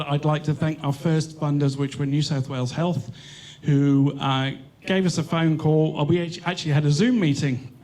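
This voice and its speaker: A man with an Australian accent giving a speech at an event as a charity co-founder, lively and laughing as he acts out quotes. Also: on the high side. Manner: lively storyteller, acting out quotes with excited laughter. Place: event hall.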